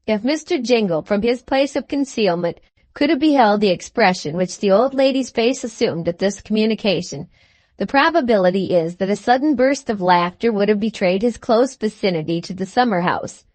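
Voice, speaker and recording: A woman narrating an audiobook of a classic novel in a measured, unhurried way. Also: medium pitch, animated, darkish tone, dry recording. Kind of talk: scripted narration.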